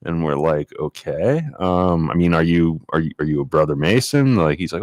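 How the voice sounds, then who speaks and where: A man with a very deep voice tells a story in relaxed podcast chat. He jumps into high-pitched voices to act out the people he quotes. The sound is dry and close, with no room around it. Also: moderate pace, few pauses, dry recording. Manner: animated, acts out quotes in a high voice. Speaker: podcast co-host.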